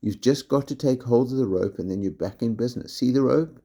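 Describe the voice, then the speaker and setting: A man's voice: mid-range voice, brisk, mellow, pitched above the performer's own voice, lightly acted. A man reading a storybook aloud, voicing a patient climbing instructor who coaxes and reassures a scared boy. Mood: reassuring. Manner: coaxing, reassuring.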